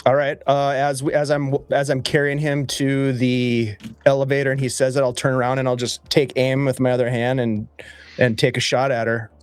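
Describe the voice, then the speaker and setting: A man's voice: mid-range voice, flat delivery, moderate pace, clean tone, no echo. Swearing man playing a tabletop game. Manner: swears and shouts in-character lines. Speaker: player.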